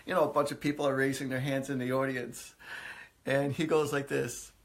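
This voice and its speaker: A man's voice: mid-range voice, level tone, a little fast. A man hosting a live stream as a psychic, telling stories in a chatty way with many fillers, often laughing. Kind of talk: casual live-stream storytelling. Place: indoors, live video stream.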